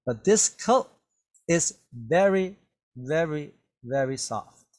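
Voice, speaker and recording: Slow, patient man teaching English vocabulary. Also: a little high, animated. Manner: repetitive, drawn-out explanations with many "okay?" checks. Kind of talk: slow classroom vocabulary lesson.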